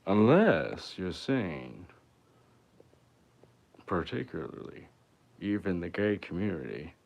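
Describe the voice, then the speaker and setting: A young man with a very deep, low voice rambles through crude, joking banter with his viewers. He talks off the cuff and swears freely, the way a musician chats on a casual livestream. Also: vocal fry, a little mellow.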